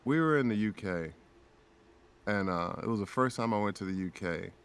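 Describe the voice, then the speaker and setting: A man's voice: lowish voice, lively intonation, normal speed, smooth. A man telling a heartfelt story on a casual podcast, acting out quoted dialogue with a raised voice and speaking openly about faith and prayer. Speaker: guest voice actor.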